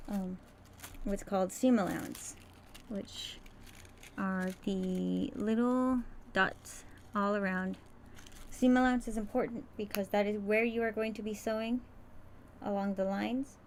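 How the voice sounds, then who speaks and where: A woman's voice: medium pitch, slight background noise. A woman hosting a casual livestream tutorial, chatty and rambling, often stumbling over her words as she sews. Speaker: crafter streaming a sewing demo.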